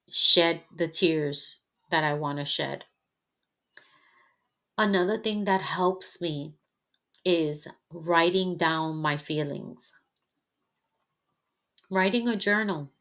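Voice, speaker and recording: A woman hosting a podcast, speaking in a personal, reflective monologue that is candid, heartfelt, halting and unhurried. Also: on the low side, a bit bright. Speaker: podcast host.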